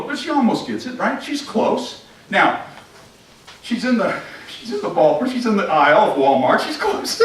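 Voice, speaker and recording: A man preaching an interactive sermon, asking the congregation questions and acting out scenes. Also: sits high. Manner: animated, asks the congregation questions and acts out scenes. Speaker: pastor. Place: church sanctuary. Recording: echoey church from a distant mic.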